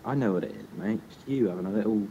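A man's voice: rapid-fire, dark tone. A young man co-hosting a podcast, joking and teasing his friend in casual banter. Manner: teasing, jokey, puts on silly voices. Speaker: podcast co-host. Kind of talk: casual chat. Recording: dull distant mic with faint rumble.

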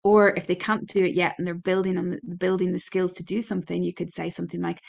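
A woman podcast host talking through parenting advice in a gentle, reassuring way, with many fillers and restarts. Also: on the low side, level tone, fast, creaky, few pauses. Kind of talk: casual advice talk.

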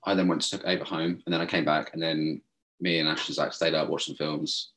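A young man telling a long story in casual chat, animated and swearing, mimicking others as he goes. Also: a bass voice, fairly quick. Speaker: podcast co-host.

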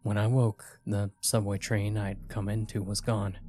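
Low-voiced man narrating horror. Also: level tone, unhurried, warm tone, a little hiss or hum.

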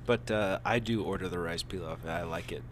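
Casual office co-host, lowish male voice, halting and chewing, faint hiss behind. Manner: rambling, halting with fillers, talks with his mouth full. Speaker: podcast co-host. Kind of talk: casual chat while eating lunch.

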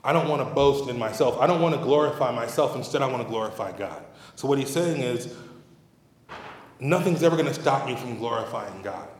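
A man's voice: medium pitch, lively intonation, brisk. A middle-aged man preaching a sermon as pastor, in a conversational, humorous and emphatic manner, in a church sanctuary. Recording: roomy hall reverb.

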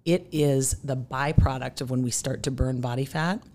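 Low-voiced woman explaining nutrition. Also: normal speed. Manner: energetic, explanatory, acts out the body's voice in quotes. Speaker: nutrition therapist guest. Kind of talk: podcast interview.

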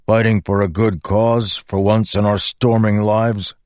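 A man's voice: lowish voice, level tone, a little slow, darkish tone, no echo, voice pushed up, natural voice. A man voicing an idealistic young male soldier in a raised, earnest delivery.

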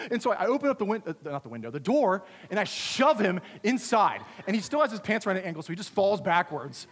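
A young man telling a self-mocking story to a youth group, his voice sitting a bit high. He talks with lively swings between loud and hushed. A long reverb from a large hall trails behind him. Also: quick pace. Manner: animated, self-deprecating storyteller. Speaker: youth camp speaker.

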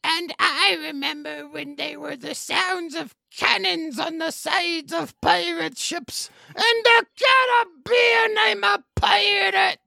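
A podcast guest voicing an old female pirate in a strained, gravelly voice. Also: extremely high pitch, steady tone, slow, hardly any pauses, sharp tone, no echo, full character voice. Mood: boisterous. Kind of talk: comedic put-on voice in casual chat.

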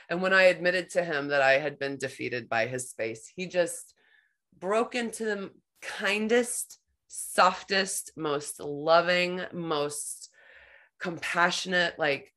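A woman hosting a podcast, telling a personal story in a rambling, animated way, full of "like". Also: fairly low pitch, slow. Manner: rambling, heavy use of "like", animated retelling. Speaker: podcast host. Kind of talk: conversational storytelling.

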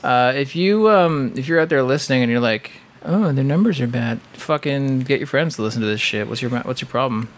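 A man's voice: medium pitch, brisk, few pauses, slight background noise. A man co-hosting a casual podcast from his living room, joking sarcastically and swearing as he rambles. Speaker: podcast co-host. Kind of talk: casual banter. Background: fan running.

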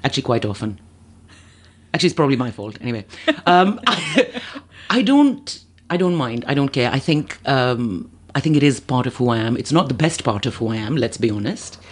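A woman guest on a podcast, telling a story in casual chat, animated and laughing, acting out other people's lines. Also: rumbling low, fairly quick, slightly rough.

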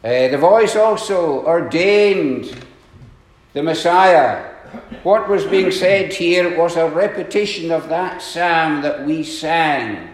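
A man preaching a sermon, earnest and deliberate, with emphatic questions, sudden drops in volume and frequent throat clearing. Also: fairly high pitch, roomy sound. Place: church.

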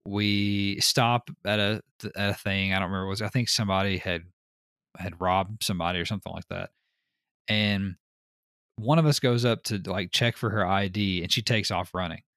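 A man hosting a podcast in casual chat, telling stories in an animated way, laughing often and swearing casually. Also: on the low side, moderate pace, dry recording, clean studio sound. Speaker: podcast host.

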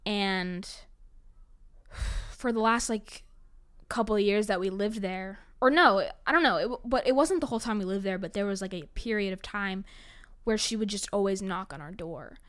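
A woman's voice: medium pitch, normal speed. A young woman from New York telling personal stories in a chatty, dramatic way, with frequent laughs and lots of "like" fillers. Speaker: storyteller. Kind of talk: casual storytelling monologue.

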